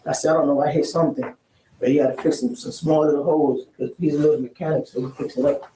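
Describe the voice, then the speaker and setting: A man's voice: fairly high pitch, fairly even intonation, fast, dark tone. A man recounting past events under questioning, acting out the quoted exchanges in casual street slang. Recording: roomy, distant mic, faint hiss.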